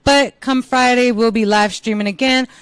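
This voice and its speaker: A woman's voice: on the high side, steady tone, normal speed, clean tone, no echo. A young woman hosting her own show, ranting bluntly and exasperatedly, with lots of swearing. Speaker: show host. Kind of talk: profane comedic rant to camera. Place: San Diego.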